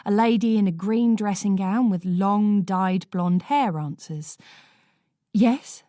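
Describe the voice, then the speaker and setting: A woman's voice: medium pitch, steady tone, measured pace, dark tone, no room sound. Woman reading a thriller audiobook, takes her time, super dry close mic. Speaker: audiobook narrator. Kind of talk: first-person audiobook narration.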